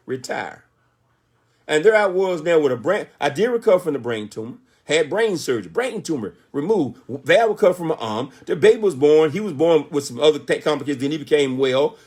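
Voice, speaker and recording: High-voiced emphatic man in his 60s. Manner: emphatic, animated storytelling with rhetorical questions. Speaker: motivational speaker. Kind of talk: motivational speech.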